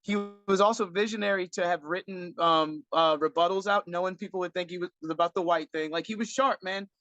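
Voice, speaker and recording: A man's voice: sits high, fairly even intonation, brisk, sharp tone. A man co-hosting a podcast in casual chat, blunt and profane, often restarting his sentences. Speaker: podcast co-host.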